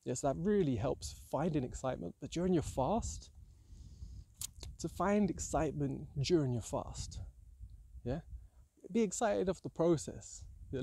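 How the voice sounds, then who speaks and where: A man's voice: fairly high pitch, warm tone, slightly rough. A man talking earnestly in a rambling, reflective monologue, often saying "yeah" and "like". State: hungry, about 60 hours into a fast. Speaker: vlogger sharing fasting tips.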